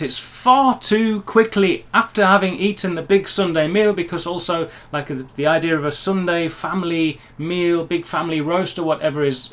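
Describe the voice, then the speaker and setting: A man's voice: high voice, fairly bright tone. A man from England, vlogging in a chatty, upbeat way with playful asides. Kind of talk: casual talk to camera.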